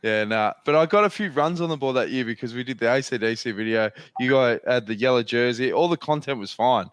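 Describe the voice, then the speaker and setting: A man's voice: medium pitch, a little fast, smooth, no room sound. An Australian man spins loose, rambling anecdotes as a podcast host, swearing freely along the way. His voice sits mid-range and sounds close and dry, with no room around it. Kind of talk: casual storytelling chat.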